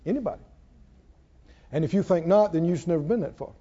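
A man preaching a sermon with passion, swinging from quiet low passages to loud peaks. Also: animated, fast talker. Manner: impassioned, rising to loud peaks and dropping low. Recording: dull lo-fi sound.

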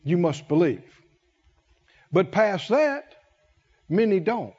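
Male preacher, high-pitched, slow and emphatic, pausing on repeated words. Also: very animated, warm tone, breathy edge, muffled recording. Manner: emphatic, repeats key words with long pauses. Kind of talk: sermon.

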